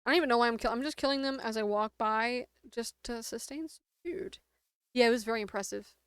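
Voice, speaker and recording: A woman's voice: a little high, quick pace, a bit bright, smooth, no room sound. A young adult woman streaming a game and chatting casually with a sore throat. She rambles, uses lots of "like" fillers, and laughs often. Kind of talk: casual chat while gaming.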